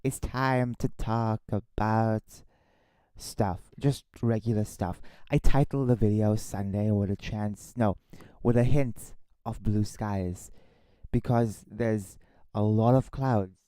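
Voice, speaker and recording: Male streamer, lowish voice, dry close mic; slow rambling complainer who corrects himself. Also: steady tone, clear, resonant tone, no room sound. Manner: rambling, complaining, restarts and re-says lines; drops to a hushed voice at times. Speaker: livestreamer. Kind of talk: casual solo livestream chat. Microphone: own desktop microphone.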